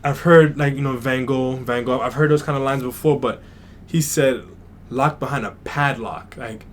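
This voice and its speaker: A man chats through a music reaction, musing aloud and hedging his thoughts. His voice sits at an everyday pitch, loose and unpolished, and a faint hiss runs behind it. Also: fairly even intonation, normal speed. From New York. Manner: thinks aloud, hedging, many fillers. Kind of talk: casual reaction commentary.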